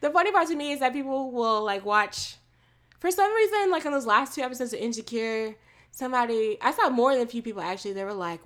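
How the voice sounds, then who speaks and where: A woman's voice: fairly high pitch, lively intonation, quick pace, fairly bright tone. A woman, co-hosting a casual chat, talking loosely with many fillers and easy laughs. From Texas. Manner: chatty, frequent "like" and "um" fillers, laughs easily. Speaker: podcast co-host.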